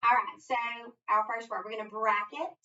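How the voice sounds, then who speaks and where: Woman teacher doing a phonics lesson, step by step and encouraging, bright voice, kinda far from the mic, dull sound. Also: medium pitch, steady tone, moderate pace. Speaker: reading teacher. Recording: distant dull lo-fi recording.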